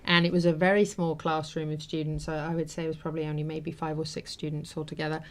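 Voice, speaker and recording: A woman's voice: low voice, level tone, quick pace. A woman hosting a talk show, telling a personal story in an earnest, heartfelt, rambling way with many fillers. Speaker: host.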